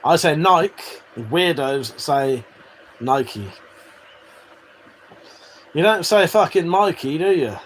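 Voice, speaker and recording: Man, livestream host, blunt and sweary, slightly high voice, faint background hum. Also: animated, unhurried, hardly any pauses. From Britain. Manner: swears freely, laughs often, jokey and blunt. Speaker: livestream host reading chat. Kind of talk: casual livestream chat.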